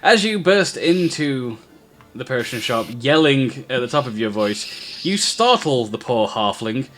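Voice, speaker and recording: A man runs a tabletop game, describing scenes at an easy, halting pace. His voice sits at a middle pitch, and he pauses often on fillers as he narrates. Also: very animated, a bit bright, soft background music. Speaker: game master.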